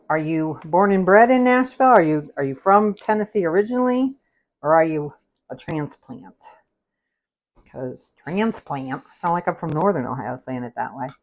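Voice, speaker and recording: A woman hosting a casual cooking livestream from a home kitchen, chatty and rambling, with easy laughs and side stories as she talks through a recipe. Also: deep voice. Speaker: cooking show host.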